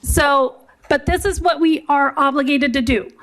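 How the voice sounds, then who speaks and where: A woman with a high voice chairs a public meeting. She speaks in a firm but halting, procedural way, often restarting her sentences, into a desk microphone. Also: a bit bright.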